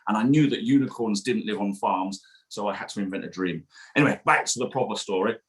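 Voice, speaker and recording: A man's voice: fairly low pitch, quick pace. A man, a children's author, reading his picture book aloud to children at a bookshop event, playful and sing-song, demonstrating silly noises. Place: bookshop event streamed online.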